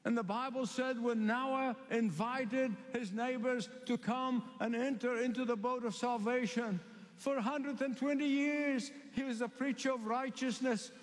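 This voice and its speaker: High-voiced preacher in a reverberant hall. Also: male voice, fairly even intonation. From Middle East. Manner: emphatic and repetitive, with slow stressed phrases. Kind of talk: sermon.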